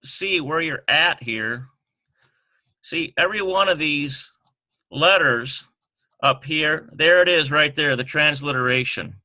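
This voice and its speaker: A man teaching a lesson over a screen recording, talking haltingly with many ums and self-corrections. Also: a little high, pushed and bright, dry recording.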